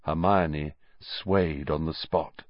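A man narrating an audiobook in an expressive storytelling manner. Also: extremely low pitch, takes it slowly, no room sound, highs cut off. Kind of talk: scripted narration.

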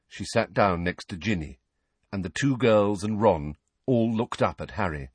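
Husky, expressive male audiobook narrator. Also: lowish voice, normal speed, dry recording. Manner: expressive, lively reading. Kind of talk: scripted narration.

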